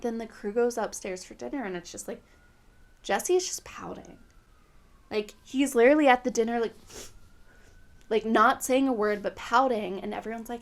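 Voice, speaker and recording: A woman hosts a casual podcast, recapping reality TV in loose, opinionated chat. Her voice sits slightly high with a gravelly fry running through it. She talks freely and leans on fillers as she goes. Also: normal speed. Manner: chatty, filler-heavy, opinionated. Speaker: podcast host.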